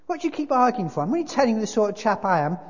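A blustering, self-righteous dead working man rants at a raised, strained pitch, as a preacher voices him. He is loud and insistent. The sound is dull and muffled, with long reverb from a big hall. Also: big pitch swings, very fast, slightly rough, heavily acted. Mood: indignant.

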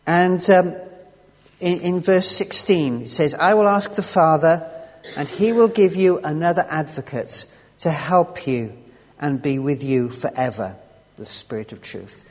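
Man preaching in a reverberant hall. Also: high-pitched. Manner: conversational, with asides and restarts. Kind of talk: sermon. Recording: long reverb of a large hall.

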